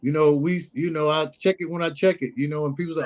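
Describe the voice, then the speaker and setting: High-voiced middle-aged man telling stories. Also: fairly even intonation, fast talker, few pauses, dull audio. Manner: storytelling, acts out quoted dialogue. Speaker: guest, youth mentor. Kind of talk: casual conversational interview.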